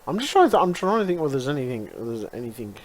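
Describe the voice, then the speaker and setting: A man's voice: medium pitch, very animated, racing. A man vlogging in a rambling, frustrated way, swearing often and circling back on his words. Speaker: YouTuber. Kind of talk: casual rambling vlog.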